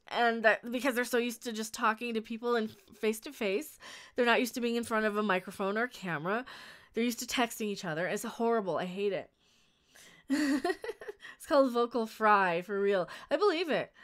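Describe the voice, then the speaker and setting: Blunt, chatty woman with a smooth voice. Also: a little high, normal speed. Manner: blunt, opinionated, laughs often; rambling with frequent restarts. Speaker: live streamer reading viewer chat. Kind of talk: casual live-stream chat.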